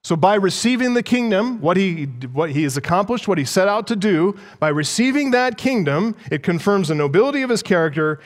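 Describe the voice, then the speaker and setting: A man's voice: sits high, big-room sound. A man preaching an expository sermon, teaching through a passage verse by verse and putting questions to his listeners. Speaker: pastor.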